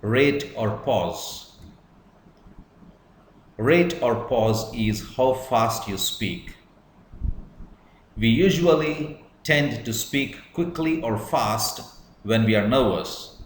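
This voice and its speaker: A man giving a measured lecture on public speaking, stressing words to demonstrate emphasis. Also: medium pitch, expressive, reverberant, rough recording. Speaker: English teacher. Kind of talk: slow deliberate lecture.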